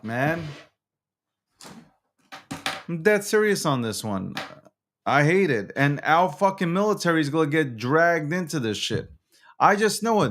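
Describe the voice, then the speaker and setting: A man hosting a nightly recap show delivers an angry on-camera rant in a medium-pitched, fairly bright voice. He's heated and profane, swearing a lot and repeating himself.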